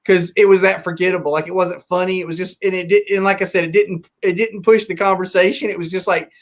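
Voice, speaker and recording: A man hosting a podcast in casual chat, rambling with halting restarts and chuckles. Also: high-pitched, fairly even intonation. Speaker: podcast host.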